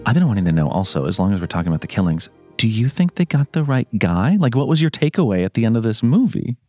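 A man's voice: on the low side, very animated, quick pace, warm tone, soft background music. A man interviewing film guests, asking questions in a conversational, hedging way.

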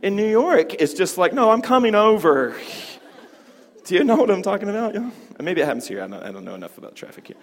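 A man teaching a hoop dance class, chatty and animated, telling stories and laughing often. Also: sits high, rapid-fire, few pauses. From Southern United States. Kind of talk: class talk with storytelling. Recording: long hall reverb.

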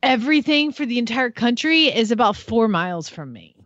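A woman co-hosting a podcast in casual chat, telling stories with lively, mock-panicked reactions. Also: fairly high pitch, a little fast, no echo, lo-fi sound. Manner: animated storyteller, mimics her own panicked reactions. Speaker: podcast co-host.

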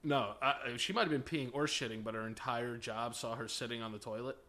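Blunt, teasing young man in mid pitch. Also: fairly quick, bright, forceful tone. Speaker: podcast co-host. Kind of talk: crude casual banter.

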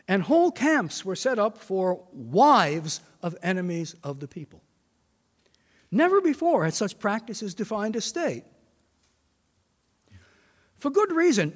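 An older man delivering a formal lecture in a large hall that rings with long reverb. His voice sits high for a man and moves animatedly up and down as he leans on quoted passages with measured emphasis. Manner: measured, reads quotations with emphasis.

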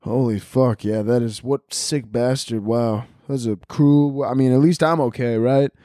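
A man hosting a podcast, riffing in a profane, animated comedic monologue and acting out silly voices. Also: mid-range voice, normal speed, dry recording, studio quality. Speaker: podcast host.

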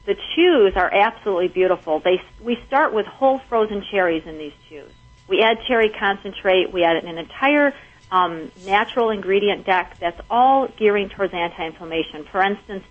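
A woman's voice: medium pitch, narrow, tinny audio. Upbeat woman explaining a pet product. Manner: upbeat, informative. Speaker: guest, pet supplement maker. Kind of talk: radio interview.

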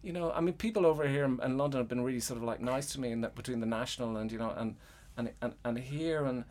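A man's voice: mid-range voice, fast, a little mellow. Irish guy rambling casually, lots of you know and sort of, medium voice. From Ireland. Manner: rambling, many fillers and restarts, swears freely. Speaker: guest playwright. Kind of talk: casual conversation.

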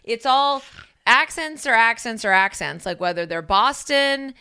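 A woman's voice: on the high side, lively intonation, measured pace, bright, forceful tone, clean tone. A woman co-hosting a casual chat, wry, opinionated and sarcastic. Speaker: co-host.

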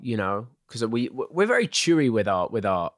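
A man's voice: medium pitch, moderate pace, no echo. English guy, 30s, english accent, easygoing chatty guest, dry close sound. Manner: relaxed, chatty, full of "like" and "you know". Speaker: guest actor. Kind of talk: casual interview chat.

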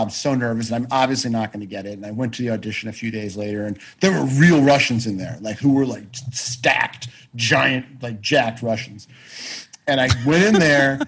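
A man's voice: medium pitch, fairly bright tone, slightly rough, rough recording. A man, a guest who acts and writes, telling rambling, self-deprecating stories in casual chat, with restarts and swearing.

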